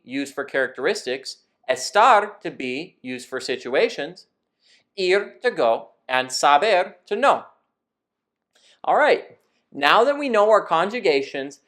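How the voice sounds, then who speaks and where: A man teaching Spanish in a scripted lesson, explaining verb rules in a clear, methodical way. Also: fairly high pitch, a bit bright.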